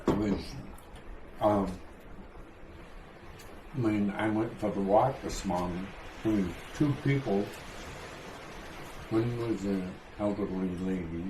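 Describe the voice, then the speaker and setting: A man at a dinner table telling simple anecdotes. He talks very slowly in a lowish voice. The room sounds roomy, and background noise is clearly audible. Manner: unhurried, plain anecdotes. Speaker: dinner guest. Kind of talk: casual dinner conversation.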